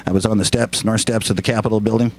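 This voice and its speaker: Folksy, joking low-voiced man. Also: steady tone, quick pace, a little mellow, slightly rough. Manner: folksy, joking, rambling with laughs. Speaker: guest musician. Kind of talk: casual radio chat.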